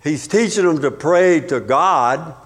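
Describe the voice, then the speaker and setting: A male pastor preaching a sermon in a church sanctuary, his voice a little higher than most men's. He is emphatic, rising to sharp peaks and dropping low to drive points home, and every word trails off into a long hall reverb. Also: animated, slow pace. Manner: emphatic preaching with sudden rises and drops in pitch and volume.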